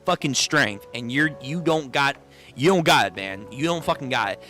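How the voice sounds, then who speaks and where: A man giving casual reaction commentary on a manga read-through, animated and exclaiming in disbelief, with frequent swearing. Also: medium pitch, moderate pace, faint music behind.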